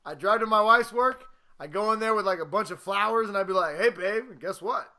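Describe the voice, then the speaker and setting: High, bright-voiced man in casual chat. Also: fast, clear, resonant tone. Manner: playful, acts out quoted lines in goofy voices. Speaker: podcast co-host.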